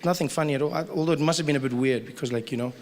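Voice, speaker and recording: Male stand-up comedian, animated, joking, reverberant hall, audible crowd noise. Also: a little high, very fast. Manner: animated, joking, lots of restarts and put-on voices. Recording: live hall recording with audience noise.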